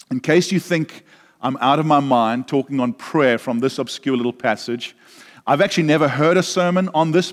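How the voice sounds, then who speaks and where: A man preaching a sermon, earnest and repeating words, asking the congregation questions. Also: mid-range voice. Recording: long reverb of a large hall.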